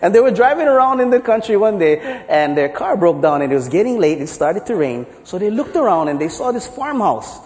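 A man's voice: high-pitched, brisk, hardly any pauses, in a large hall. A man preaching a sermon, telling stories in a playful way. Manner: storytelling, playful, lively. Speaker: pastor. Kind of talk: sermon with jokes.

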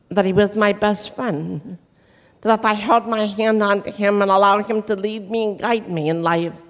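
Deaf woman speaking in a reverberant hall. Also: mid-range voice. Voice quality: deaf speaker's distinctive speech, described as talking funny and sounding accented. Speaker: inspirational speaker. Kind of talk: motivational faith talk to an audience. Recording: long reverb of a large hall.

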